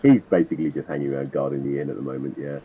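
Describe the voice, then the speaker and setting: A man's voice: rumbling low, steady tone, racing. A man at a tabletop game, chatting casually and explaining his characters in rambling, self-correcting asides. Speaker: tabletop player. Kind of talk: casual chat. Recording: dull lo-fi sound, faint noise.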